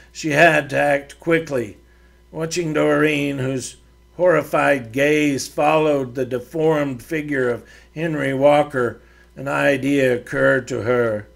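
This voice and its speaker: A man, the podcast host, narrating his own western story in a measured storybook manner. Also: fairly high pitch, creaky. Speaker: podcast host and author reading his serial.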